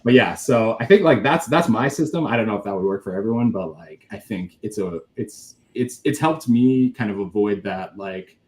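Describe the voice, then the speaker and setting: A man in his thirties, a guest in a casual interview, talking in a relaxed, rambling way full of filler words. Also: lowish voice, moderate pace, hardly any pauses.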